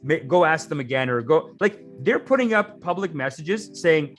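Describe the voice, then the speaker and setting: A man's voice: a little high, animated, normal speed, hardly any pauses, fairly bright tone, faint music behind. A man co-hosting a casual political chat, chatty, laughing easily and reading things aloud off the screen. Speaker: podcast co-host.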